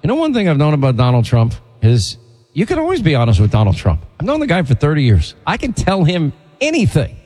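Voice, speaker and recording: A male talk-show host with a slightly high voice that swings widely in pitch. He tells stories and rants with indignant energy. A long reverb trails each word. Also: quick pace. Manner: animated, indignant storytelling. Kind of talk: casual talk-show chat and commentary.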